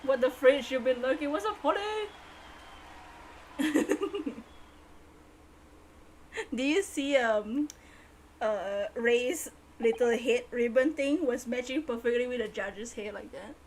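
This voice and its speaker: A woman streaming a game, reacting casually with excitable laughs. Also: a little high, slow pace, pauses often, slight background noise. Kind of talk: casual gameplay commentary.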